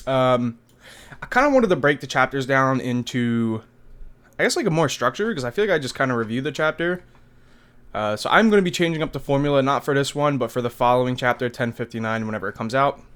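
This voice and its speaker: A man's voice: medium pitch, a bit bright, clear, resonant tone. A young man in his twenties, casually talking through a manga chapter review in a loose, slangy, chatty way with casual swearing. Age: 20s. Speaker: anime review vlogger.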